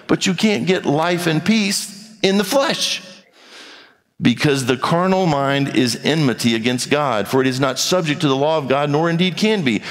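Man, pastor, sermon, emphatic repetition, high pitch, long hall reverb.

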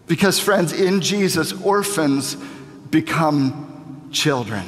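A man in his thirties delivers a sermon with deliberate, unhurried phrasing and a slightly raised voice. He leans into repeated lines with growing passion. The sound rings out with a long hall reverb. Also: high-pitched, animated, fairly bright tone. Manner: impassioned preaching, slow emphatic repetition. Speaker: pastor.

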